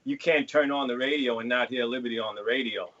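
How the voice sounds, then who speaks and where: A man's voice: mid-range voice, quick pace, a bit bright, lo-fi sound. A man in casual chat as a guest on a video call, rambling, with lots of you know. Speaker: guest drummer.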